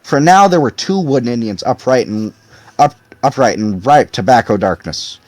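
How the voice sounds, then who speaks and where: A man's voice: medium pitch, lively intonation, normal speed, no room sound. A man reading a novel aloud expressively as audiobook narrator. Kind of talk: scripted narration.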